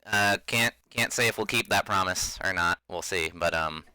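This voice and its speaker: Deep-voiced, laid-back man hosting a game. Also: normal speed, sharp tone, clear, resonant tone, no room sound, rough recording. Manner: laid-back, laughs often, many fillers. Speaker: game master and host. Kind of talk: casual chat introducing a tabletop game.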